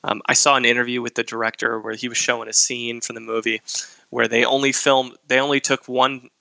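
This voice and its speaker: Gravelly, bright-voiced male podcast host. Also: mid-range voice, flat delivery, fairly quick, no room sound, poor audio. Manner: conversational, recounts facts with filler words. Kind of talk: casual podcast chat.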